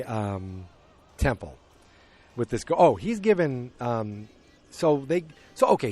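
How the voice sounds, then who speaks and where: A man's voice: medium pitch, darkish tone. Man rambling through a movie recap. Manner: rambling, restarts, acts out characters' lines. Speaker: podcast host.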